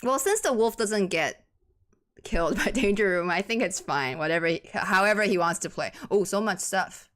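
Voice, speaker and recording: A woman with a Taiwanese accent calls a live esports match in English, her second language after Mandarin. Her voice sits at an ordinary middle pitch, and she talks in a chatty, excitable way. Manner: excitable, chatty, quick to laugh and gasp. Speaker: esports caster.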